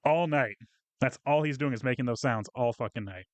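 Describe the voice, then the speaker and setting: A man's voice: mid-range voice, a little fast, no room sound. A man co-hosting a casual podcast, venting profanely about coworkers and acting out their lines. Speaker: podcast co-host.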